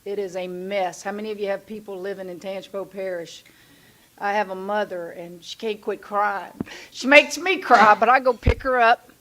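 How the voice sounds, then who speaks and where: A woman's voice: mid-range voice, moderate pace, fairly bright tone. A woman from Louisiana with a Southern accent, giving a blunt, folksy after-lunch talk as a guest speaker at a club luncheon. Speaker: guest speaker, basketball coach. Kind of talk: casual after-lunch speech.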